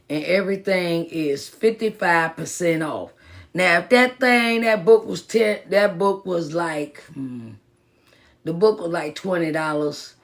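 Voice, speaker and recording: Gravelly-voiced woman giving a pep talk. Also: on the low side. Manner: casual, repetitive, greets viewers by name. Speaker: motivational speaker and minister. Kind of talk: live-stream pep talk. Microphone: phone.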